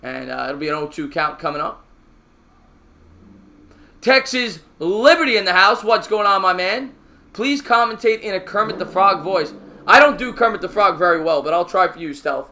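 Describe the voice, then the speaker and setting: A high-voiced man with a forceful, tense edge calls a ballgame pitch by pitch as a fan on a live stream. He chats with viewers between pitches and gets loud and excitable when a play breaks open. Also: normal speed. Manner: excitable, raising his voice on big plays; chatty, answers viewer comments between pitches.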